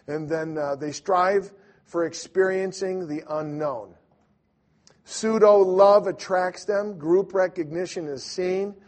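A man's voice: high voice, measured pace. A man preaching a sermon, telling stories conversationally with many fillers and restarts, acting out the people he quotes. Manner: animated storyteller acting out quoted voices. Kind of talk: sermon with storytelling.

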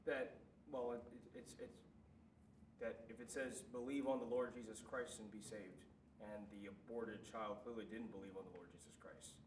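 A man's voice: on the low side, fairly even intonation, normal speed, recorded from a distance, slight background noise. A man in a Bible study group arguing a counterpoint, hedging with fillers as he reasons. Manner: argumentative, hedging with 'like' and 'I mean'. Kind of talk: group discussion. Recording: echoey room, off-mic, faint ambience.

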